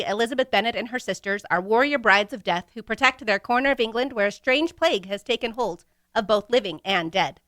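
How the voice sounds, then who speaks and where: A woman's voice: fairly high pitch, bright, forceful tone, no room sound, clean studio sound. A woman co-hosting a casual podcast chat, playful and jokey as she sums up a book. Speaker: podcast co-host.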